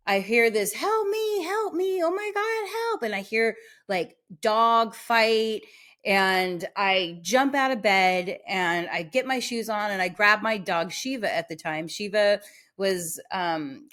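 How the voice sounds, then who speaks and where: A woman's voice: medium pitch, takes it slowly. Woman telling a rambling personal story. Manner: rambling, with many restarts and filler words; animated, acts out the voices in her story. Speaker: podcast host.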